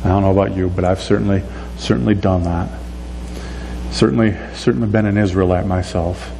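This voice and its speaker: A man's voice: sits low, fairly quick, gravelly, long reverb tail, a little hiss or hum. A man giving a conversational sermon as a pastor, acting out the voices of the people in his story. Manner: conversational, animated, acts out voices of complainers.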